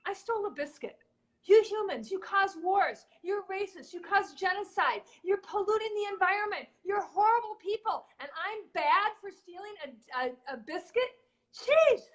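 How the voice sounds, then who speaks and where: A woman's voice: extremely high pitch, expressive, normal speed, pitched above the performer's own voice. A woman voicing an indignant talking dog that rants at its owner in a joke. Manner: outraged, ranting list.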